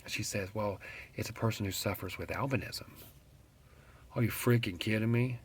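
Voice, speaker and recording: A middle-aged man with a West Virginian accent, ranting to camera in a blunt, profane, animated vlog. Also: lowish voice, normal speed, a little hiss or hum. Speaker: vlogger.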